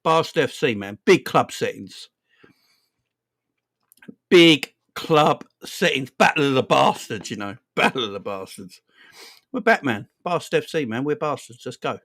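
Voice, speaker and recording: Young man, from England, fan stream host, animated, laughs a lot, slangy, casual chat. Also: medium pitch, brisk. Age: young adult.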